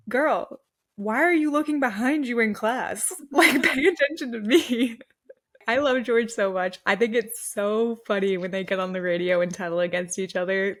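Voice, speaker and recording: Laughing young woman chatting about racing. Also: medium pitch. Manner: laughs often, animated and joking. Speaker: podcast co-host. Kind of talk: casual sports recap chat.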